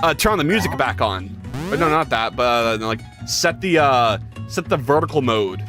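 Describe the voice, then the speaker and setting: A game developer chatting casually on a livestream, excitable and self-deprecating, who swears freely and greets viewers by name. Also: medium pitch, moderate pace, soft background music.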